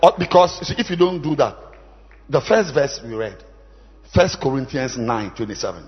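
A man, a bishop, preaching a sermon, shouting lines and leading the congregation in repeated call-and-response chants between quieter asides. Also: medium pitch, animated, moderate pace, in a large hall, muffled recording.

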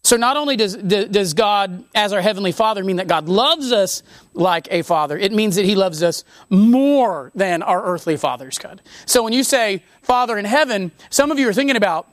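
A woman preaching a conversational sermon on scripture, animated, restarting her sentences and breaking off mid-thought. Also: on the high side, no room sound, clean studio sound. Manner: animated, conversational, with many restarts and self-interruptions.

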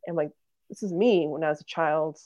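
A woman's voice: low-pitched, a little fast, darkish tone, no echo, lo-fi sound. A woman in her thirties, a podcast guest, earnestly telling a family story in casual conversation and acting out what relatives said. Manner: earnest storytelling, acts out quoted family members.

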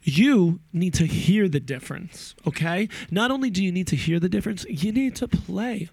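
A young man rambling about guitar pedals in a casual vlog, profane and animated. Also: high-pitched, normal speed, gravelly, husky, dry recording.

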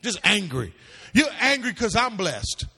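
A man preaching a Bible class with animated calls to the audience and sing-song lines that rise into shouts. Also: high-pitched, measured pace, breathy edge. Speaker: pastor teaching a seminary class. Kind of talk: preaching-style Bible teaching. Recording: long hall reverb.

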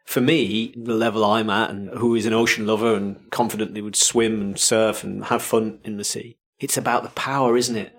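A man's voice: fairly low pitch, fairly bright tone, breathy edge. A man co-hosting a casual podcast, talking in a reflective way with a dry, wry humour. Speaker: podcast co-host. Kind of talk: casual chat.

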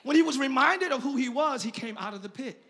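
High, bright, shouting male preacher. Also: animated, fairly quick, in a large hall. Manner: impassioned, swinging from quiet sarcasm to shouting. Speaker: pastor. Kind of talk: sermon. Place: church sanctuary.

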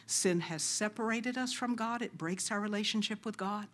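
A middle-aged woman preaching a sermon, earnest and exhorting, sometimes dropping to a hushed near-whisper. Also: medium pitch, moderate pace. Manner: earnest, exhorting, drops to soft hushed asides.

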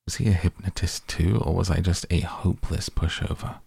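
A man reading a novel aloud in first person, slow, even and deliberate. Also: sits low, creaky, slightly rough, dry recording, clean studio sound. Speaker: audiobook reader.

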